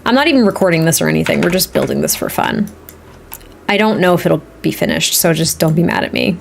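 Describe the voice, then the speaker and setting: A woman's voice: mid-range voice, vocal fry. Chatty woman streamer, laughing easily. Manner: chatty, rambling, laughs often; talks to chat viewers, reads their comments. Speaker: live streamer. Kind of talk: casual chat while building in a game.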